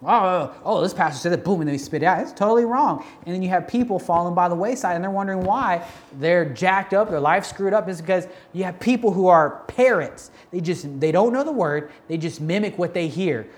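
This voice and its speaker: This man's voice sits high, with lively intonation and a brisk delivery that leaves few pauses. As a church teacher on prophecy, he gives a casual sermon full of restarts, fillers and slangy side comments.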